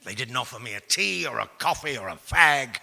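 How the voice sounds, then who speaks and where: A man, telling blunt, profane stories to an audience, jumping from loud outbursts to hushed asides. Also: medium pitch, animated, a little fast, creaky. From England. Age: 60s. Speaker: speaker. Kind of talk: storytelling talk to an audience. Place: large hall with an audience. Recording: long reverb of a large hall.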